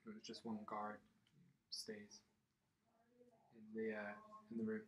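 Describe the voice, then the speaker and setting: A game master running a tabletop session, narrating casually with pauses and fillers. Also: medium pitch, monotone, a little hiss or hum. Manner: halting, filler-heavy narration.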